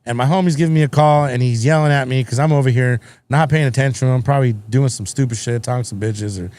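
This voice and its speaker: A man in his forties telling rambling, profane stories in a relaxed chat. He slips into other people's voices for the quotes, then drops back into his own easy, mid-pitched talk. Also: fast talker, dry recording. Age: 40s. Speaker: podcast host. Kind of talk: casual chat.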